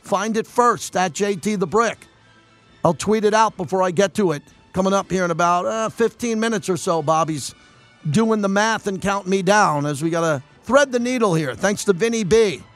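A man hosting a sports talk radio show, delivering an energetic, opinionated monologue and thinking aloud with restarts. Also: high voice, normal speed, faint music behind.

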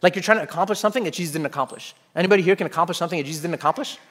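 A man with a high-pitched voice delivers a lively sermon. He acts out the voices he quotes with a lot of energy, repeats his phrases and keeps checking in with his listeners. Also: very fast. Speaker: preacher.

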